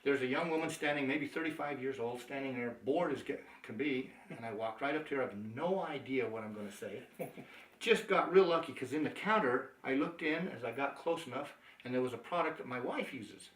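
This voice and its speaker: A man's voice: mid-range voice, a little fast, reverberant, far from the mic, low-quality recording. A man giving a sales training talk, telling stories, acting out the dialogue and chuckling often. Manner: chuckling, anecdotal, animated.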